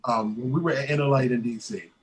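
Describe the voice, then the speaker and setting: A man leading a creative writing workshop, telling stories in a lively way with many fillers and restarts. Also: mid-range voice, fast talker, a little hiss or hum. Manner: animated storyteller, many fillers and restarts, acts out quoted voices. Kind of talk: casual workshop talk.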